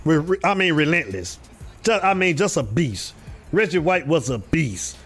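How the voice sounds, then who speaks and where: A man's voice: on the high side, sing-song, normal speed, fairly bright tone, husky, soft background music. A man hosting a casual live stream about football, calling out viewers by name and repeating himself in a loose, drawling way. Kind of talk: casual live sports talk.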